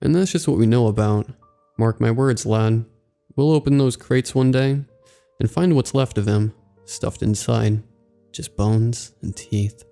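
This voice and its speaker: A man doing a gruff gossiping mover. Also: mid-range voice, a little slow, mellow, faint music behind. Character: gruff middle-aged male mover, gossiping.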